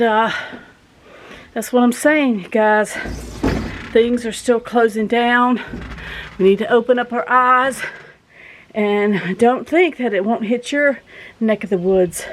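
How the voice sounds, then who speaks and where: A woman's voice: a little high, poor audio. A woman, chatting casually to her viewers in a folksy, rambling, earnest way. She is out of breath after walking in from her garden outdoors. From southern United States. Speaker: vlogger host.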